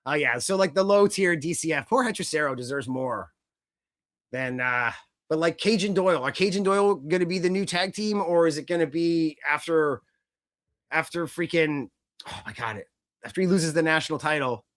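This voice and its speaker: A man co-hosting a casual wrestling podcast, rambling and animated, swearing casually as he talks. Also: fairly high pitch, moderate pace. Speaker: podcast co-host.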